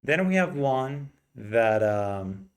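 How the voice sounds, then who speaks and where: A man teaching an English pronunciation lesson, explaining slowly and demonstrating vowel sounds by repeating them. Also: medium pitch, big pitch swings, clean tone.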